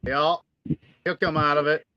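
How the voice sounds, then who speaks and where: A man's voice: on the high side, little pitch movement, a little slow. A man giving short, laid-back replies in a casual chat, over dull, lo-fi call audio.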